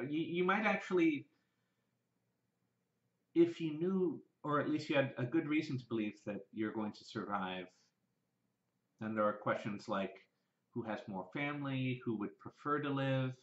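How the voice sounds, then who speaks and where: A man from the American South with a Southern accent, musing aloud in a casual vlog and rambling through restarts and fillers. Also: fairly low pitch. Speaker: vlogger. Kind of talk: casual thinking-aloud monologue. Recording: roomy and dull, lo-fi.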